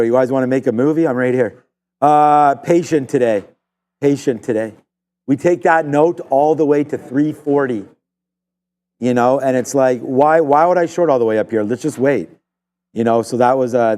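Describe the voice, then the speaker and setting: Man, live trading commentary, mellow dark voice, rambling with lots of fillers. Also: mid-range voice. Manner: rambling, filler-heavy, thinking aloud. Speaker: live trading show host. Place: trading desk studio.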